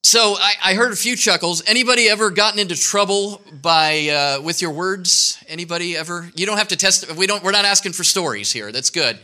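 Bright-voiced pastor, loose and joking. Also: male voice, high-pitched, brisk, few pauses. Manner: loose, joking, full of fillers and restarts. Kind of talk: casual sermon to a congregation. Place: outdoor church service.

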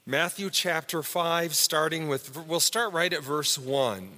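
A male pastor with a bright, ringing, slightly high voice preaches to his congregation in a relaxed, conversational style. His sermon includes a Bible word study, and he pauses to fire quick questions at the pews. The church sanctuary gives his voice a long echo.

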